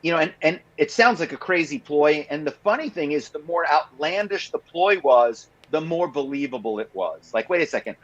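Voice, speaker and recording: A male author and guest on an interview show, telling stories in an animated way with many fillers. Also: on the high side, moderate pace, few pauses, muffled recording. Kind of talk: podcast interview.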